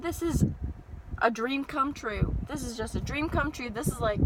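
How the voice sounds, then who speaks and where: A young woman telling an animated, exasperated story-time rant from her parked car. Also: sits high, normal speed, heavy background noise. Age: young adult. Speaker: vlogger.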